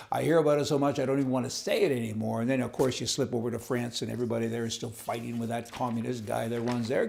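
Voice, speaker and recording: A man's voice: mid-range voice, vocal fry, a little mellow. A man delivering a sarcastic, indignant political opinion monologue, rambling with fillers and restarts. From Canada. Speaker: political commentator.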